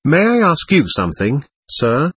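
A man voicing a simple, pious peasant coachman who speaks slowly and deferentially. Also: on the high side, huge pitch swings, breathy edge, full character voice. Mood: hesitant. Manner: slow, deferential, gentle. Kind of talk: audiobook character voice.

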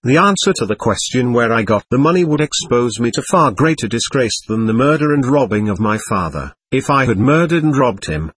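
A man's voice: mid-range voice, lively intonation, a little fast, few pauses, fairly bright tone, breathy edge, dry recording. A man reading the part of a proud young man under questioning, bitter and scornful in an audiobook. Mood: defiant.

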